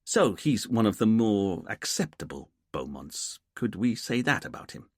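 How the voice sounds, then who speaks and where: A fussy, formal detective inspector, as an audiobook narrator puts him on, low and a little husky. He speaks precisely and is quick to take offence. Dry, close sound. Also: sing-song, darkish tone, dry recording, exaggerated voice. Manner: formal, precise, easily irked.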